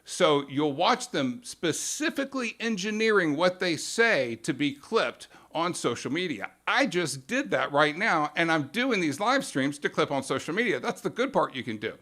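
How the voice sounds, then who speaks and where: A man's voice: fairly high pitch, big pitch swings, normal speed, few pauses, bright, forceful tone. A man hosting a live stream, explaining media tactics in a casual, emphatic monologue and acting out quotes in mock voices.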